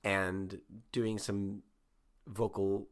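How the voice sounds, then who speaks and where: A man co-hosting a comedy podcast, improvising a story aloud with halting restarts and fillers. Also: on the low side, level tone.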